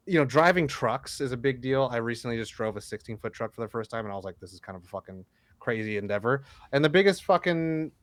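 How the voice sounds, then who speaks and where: A man's voice: medium pitch, a bit bright, dry recording. A man co-hosting a podcast in casual chat, rambling and swearing as he acts out what people said to him. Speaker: podcast co-host.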